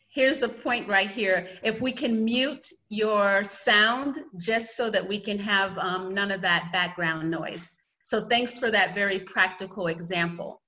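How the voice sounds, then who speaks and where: A woman from the United States with a Southern accent moderates an online conference session over a video call, giving friendly, orderly reminders. Her voice is medium-pitched and sharp in tone, and the audio quality is poor.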